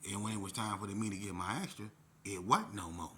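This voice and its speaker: A man telling a personal story in a casual, animated way, with lots of profanity. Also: fairly low pitch, brisk.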